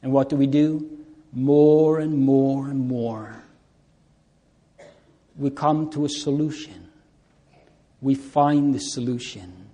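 A man delivers a sermon at a very unhurried pace, his voice sitting at an ordinary pitch. He speaks earnestly and stretches out his pleading phrases, letting the words hang. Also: steady tone, dark tone. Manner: slow, earnest preaching with drawn-out pleading cries. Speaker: preacher.

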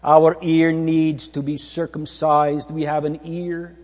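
A man delivers a funeral sermon in a slow, dark, mellow voice that sits a little high for a man. He preaches with solemn repetition, and a long hall reverb trails behind him. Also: level tone. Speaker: pastor.

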